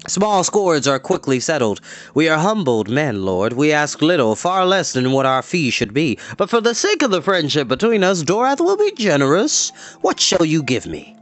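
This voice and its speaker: A man reading aloud, voicing a scheming male warband leader with slow, mock-courteous, taunting speech. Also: mid-range voice, big pitch swings, dry recording, soft background music, natural voice. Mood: sly.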